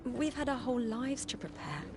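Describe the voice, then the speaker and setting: An actress in her thirties playing a calm, resigned young woman in a game, reassuring softly, with soft music behind. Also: on the high side, moderate pace. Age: 30s. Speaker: game character.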